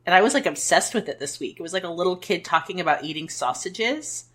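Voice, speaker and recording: A middle-aged woman co-hosting a podcast in casual chat, telling lively stories and acting out quotes. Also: lowish voice, quick pace, breathy edge. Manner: animated storyteller, acts out quotes. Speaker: podcast co-host.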